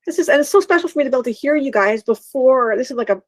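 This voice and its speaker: A woman's voice: sits high, lively intonation, racing, no echo. A woman, an author hosting a livestream, chatting in a bubbly, enthusiastic, slightly scattered way. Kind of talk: casual live chat.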